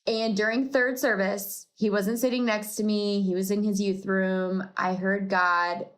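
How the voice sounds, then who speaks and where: Slow, reflective woman telling faith stories. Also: medium pitch, level tone. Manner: unhurried, reflective, laughs at herself. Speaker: podcast host. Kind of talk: personal faith storytelling.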